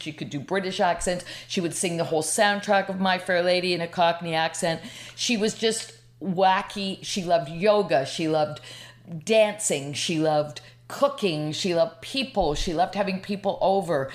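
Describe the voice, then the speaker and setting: A woman in her sixties from Canada, a podcast guest telling a personal story in a rambling, emotional way. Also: mid-range voice. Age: 60s. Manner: rambling, emotional, lots of restarts.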